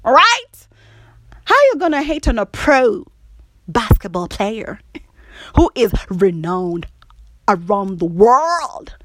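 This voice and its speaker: A woman's voice: mid-range voice, very animated, slow pace, pauses often, a bit bright, no echo. A woman chatting casually on her own show, teasing and playful, laughing often and checking in with "all right?". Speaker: podcast host. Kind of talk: casual solo chat.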